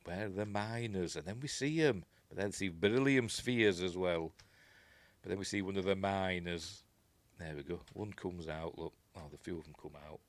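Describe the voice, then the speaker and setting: A man's voice: low voice, normal speed, no room sound. A man with a Yorkshire accent hosting a casual film commentary, rambling and chuckling as he corrects himself. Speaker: host.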